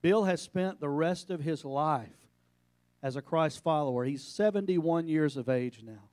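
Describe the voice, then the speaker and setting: A man's voice: a little high, measured pace, no echo. Emphatic male pastor preaching a sermon. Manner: storytelling preacher, emphatic with quiet passages. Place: church sanctuary.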